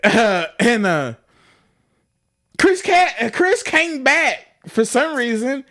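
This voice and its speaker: A man's voice: very high-pitched, sing-song, slow pace, sharp tone. A young man, telling a profane, laughing story as a podcast co-host. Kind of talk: casual storytelling.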